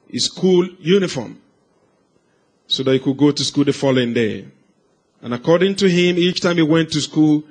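A man preaching, telling a life story as a sermon, swinging from hushed, slow passages to loud, raised cries. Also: a little high. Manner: dramatic swings from hushed to shouted.

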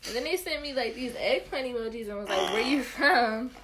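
A woman's voice: a little high, animated, brisk, background noise. A young woman co-hosting a podcast, telling a story in casual chat with many fillers and acted-out dialogue. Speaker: podcast co-host.

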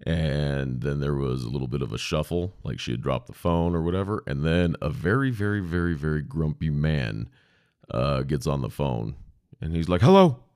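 A man's voice: rumbling low, normal speed, darkish tone, no echo, studio quality. A man, a podcast host, telling a story about his old job in a candid, casual way with frank swearing. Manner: candid, profane, conversational. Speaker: podcast host, former 911 dispatcher.

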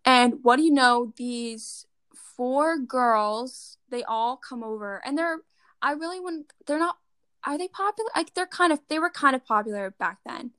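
Teen girl, chatty storyteller, bright and close-miked. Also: high-pitched, measured pace, dry recording. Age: teens. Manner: chatty, fillers like "like", animated retelling. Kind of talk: casual chat.

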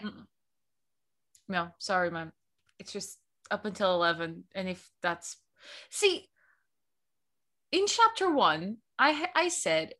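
A young woman from Portugal co-hosting a book podcast, chatting in a lively, self-mocking way. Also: mid-range voice, slow pace, long pauses. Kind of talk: casual chat.

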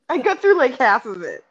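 A young woman co-hosting a podcast in casual chat, giggling often and teasing softly. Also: high-pitched, wildly swooping pitch, measured pace, breathy edge, muffled recording. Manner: giggly, soft-spoken, teasing. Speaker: podcast co-host.

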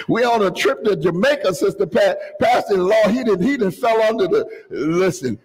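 High husky-voiced preaching man. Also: expressive, moderate pace, big-room sound, rough recording. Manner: fervent preaching, rising to shouts, with joking asides. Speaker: pastor. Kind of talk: sermon. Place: church sanctuary.

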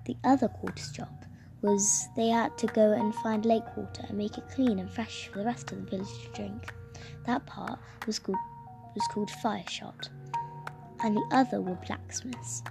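A woman reads a story aloud with a gravelly fry in her voice. She stumbles and restarts words now and then. Music plays clearly behind her. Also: mid-range voice, fairly even intonation. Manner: halting, with frequent restarts.

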